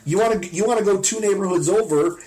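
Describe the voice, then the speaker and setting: An American man telling a rambling, animated anecdote in a casual podcast chat. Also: high-pitched, quick pace. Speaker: podcast host.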